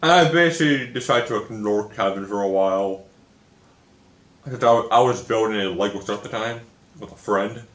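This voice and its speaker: A man's voice: fairly low pitch, normal speed, fairly bright tone. Frustrated young man in an echoey room. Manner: frustrated, swearing often, repeats himself. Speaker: video creator. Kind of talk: casual storytime rant.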